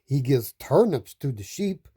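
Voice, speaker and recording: A woman reading children's picture books aloud in a slow, expressive, sing-song way. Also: very deep voice, slightly rough. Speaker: storytime reader.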